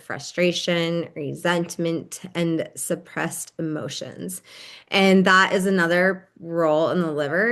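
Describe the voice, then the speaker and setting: A woman giving a calm, gentle wellness lesson in a casual, explanatory way, with frequent fillers. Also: low-pitched. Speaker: wellness teacher. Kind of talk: casual instructional talk.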